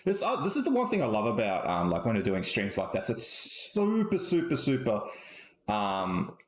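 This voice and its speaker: A man's voice: fairly low pitch, wildly swooping pitch, normal speed. A man hosting a casual tech live stream, rambling with lots of ums and restarts as he corrects himself. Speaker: host. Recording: roomy echo.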